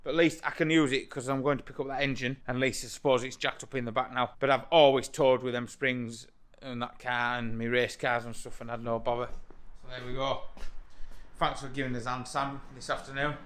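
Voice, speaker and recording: A man hosting a car channel, chatting casually and excitably with a rambling, jokey manner in a garage. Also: mid-range voice, fairly quick. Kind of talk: casual chat to camera.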